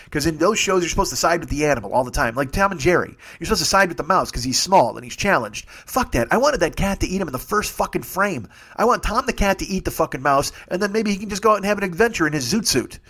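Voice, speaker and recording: Brief: forties male comic host, quick, profane, rambling home-podcast monologue. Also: fairly high pitch, fairly bright tone. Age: 40s. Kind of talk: solo comedy monologue. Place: home studio. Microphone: studio mic with earbuds.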